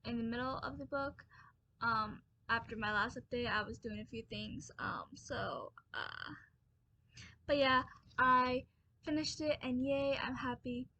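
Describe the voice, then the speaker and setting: A woman's voice: on the high side, bright, forceful tone. A young woman vlogging about her reading early in the morning, tired and rambling with many fillers and restarts. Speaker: book vlogger. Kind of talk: casual chat to camera.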